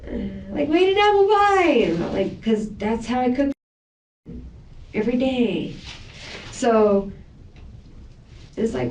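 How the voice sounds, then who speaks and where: A woman's voice: a little high, slow, pauses often, darkish tone, recorded from a distance, slight background noise. A woman under police questioning, talking in a rambling, defensive way as she vents. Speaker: suspect in police interview. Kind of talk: police interrogation. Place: police interview room. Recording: echoey room, voice from afar.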